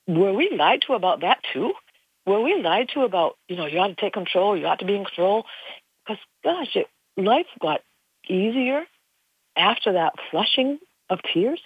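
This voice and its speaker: A woman's voice: fairly low pitch, husky, no room sound. An older woman, a spiritual teacher, talking in an earnest, folksy, rambling way. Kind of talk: casual spiritual monologue. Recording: dull lo-fi recording.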